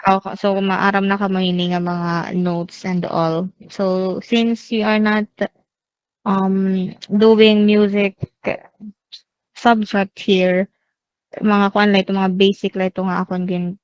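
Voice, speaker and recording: A woman's voice: medium pitch, flat delivery, takes it slowly, smooth, dry recording. Young female teacher, Waray Filipino accent, level delivery, questions the class often; dull, dry video-call mic. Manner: mixes English and Waray, asks students questions. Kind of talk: online class lecture. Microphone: laptop mic on a video call.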